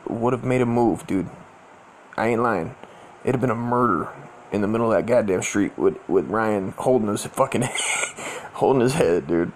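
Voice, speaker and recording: A young man tells a wild story in loose, profane slang, circling back with fillers as he goes. His voice has a gravelly edge, and a faint noise sits under the recording. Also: mid-range voice. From Southern California. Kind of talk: casual storytelling.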